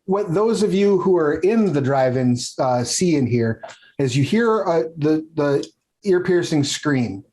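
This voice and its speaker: A man's voice: a little high, expressive, a little slow, darkish tone, poor audio. A man runs a tabletop game as game master, wandering through his descriptions. He leans on fillers and restarts as he narrates. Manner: rambling, many fillers and restarts.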